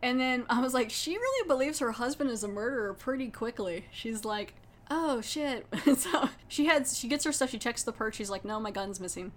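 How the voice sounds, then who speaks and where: A woman's voice: a little high, animated, brisk, hardly any pauses. A woman podcast host recapping a TV episode in casual chat, animatedly acting out the characters' lines and laughing often.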